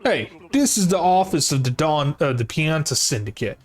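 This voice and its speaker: Dude doing a mouthy mob thug, high and loud, gangster accent. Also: male voice, very animated, normal speed, faint music behind. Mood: threatening. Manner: put-on gangster accent, wisecracking. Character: brash young male mob henchman, hotheaded.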